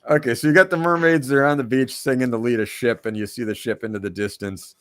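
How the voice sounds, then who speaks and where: A man, a guest cartoonist, chatting casually on a live stream and pitching a comic idea with wry teasing. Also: steady tone, fast talker.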